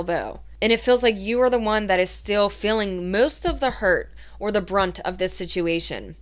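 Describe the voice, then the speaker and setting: A woman tarot reader giving a reading in a soft, earnest, emotional way, voicing the feelings she channels. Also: medium pitch, clean tone.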